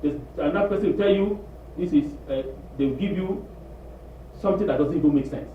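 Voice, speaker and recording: A man preaching a sermon in a congregation hall, animated and emphatic, repeating his points, recorded from a distance. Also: on the high side, a little fast, slight background noise. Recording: distant, echoey, dull room recording.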